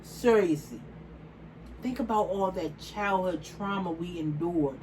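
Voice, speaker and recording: A woman's voice: lowish voice, measured pace, a little mellow, slight background noise, low-quality recording. A woman in her forties talking casually to camera, outspoken and emphatic, repeating phrases for stress. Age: 40s. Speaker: vlogger.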